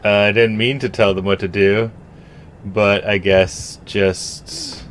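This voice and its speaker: A man's voice: on the low side, flat delivery, takes it slowly, slight background noise. A young man from Canada giving casual let's-play commentary, thinking aloud and muttering half to himself as he plays. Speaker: gameplay streamer.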